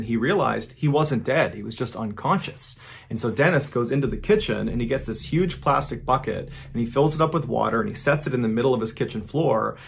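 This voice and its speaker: A man's voice: medium pitch, creaky, slightly rough. A man hosting a show, retelling a true crime story in a plain conversational way, with the odd spoken filler.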